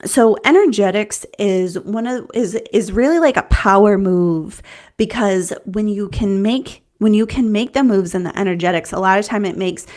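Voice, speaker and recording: A woman's voice: mid-range voice, moderate pace, darkish tone. A woman business coach giving an earnest, conversational talk, often restarting phrases and checking in with "right?". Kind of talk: teaching talk to camera.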